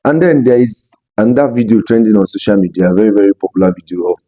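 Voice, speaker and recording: A man from Nigeria delivers pointed commentary straight to his viewers. His voice sits low and very dark, recorded dry and close. He talks emphatically and repeats phrases to drive each point home. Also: fairly even intonation, fast, no room sound, soft background music, poor audio. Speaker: commentary vlogger. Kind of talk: opinion commentary vlog.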